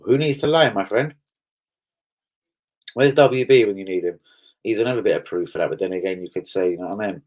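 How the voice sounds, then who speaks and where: A man's voice: fairly low pitch, fairly quick, long pauses, darkish tone, poor audio. Sweary London man streaming. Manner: sweary, blunt banter. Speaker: livestream host. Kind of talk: casual livestream chat with viewers.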